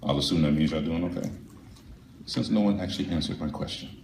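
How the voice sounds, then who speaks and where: A man's voice: sits low, fast, vocal fry, heavy background noise. Guy doing spoken word live, rhythmic dramatic delivery, roomy echo, kinda far from the mic. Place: live venue with audience. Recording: echoey room, voice far off.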